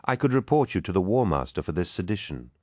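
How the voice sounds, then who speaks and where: A man's voice: low-pitched, very animated, fast talker, darkish tone, no echo, clean studio sound, pitched above the performer's own voice. A man voicing a solemn, stubborn male space warrior captain in an audiobook. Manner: insistent, solemn.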